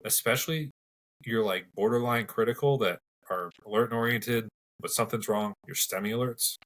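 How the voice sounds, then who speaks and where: A man's voice: mid-range voice, normal speed, a bit bright, poor audio. A man hosting a medical podcast, telling field stories in a conversational, practical way. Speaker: podcast host and paramedic. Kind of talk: casual podcast discussion.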